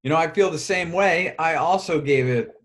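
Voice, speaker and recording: A man's voice: on the high side, normal speed, fairly bright tone. Easygoing male podcast co-host. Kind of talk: casual chat.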